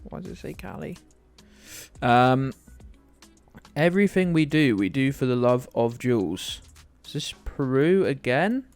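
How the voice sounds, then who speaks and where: A man's voice: mid-range voice, lively intonation, unhurried, long pauses, faint music behind. A man from the UK chatting casually and rambling to viewers while streaming a game, often joking at his own expense. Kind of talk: casual live-stream commentary.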